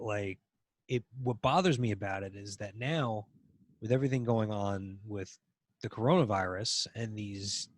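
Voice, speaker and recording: Low-voiced man in halting casual chat. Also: no echo, clean studio sound. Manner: halting, many restarts and ums. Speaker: podcast co-host.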